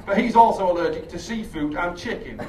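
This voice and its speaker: A man doing a rambling, sweary, self-mocking stand-up set on a theatre stage, with bursts of shrill shouted impressions. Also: brisk. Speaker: stand-up comedian. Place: theatre stage with a laughing audience. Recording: echoey live room, distant, audience noise.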